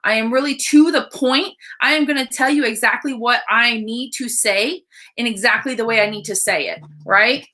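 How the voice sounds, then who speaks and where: A woman coach talking to viewers on a livestream, blunt and excited, swearing freely as she speaks. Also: fairly high pitch, moderate pace. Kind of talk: casual live-stream talk.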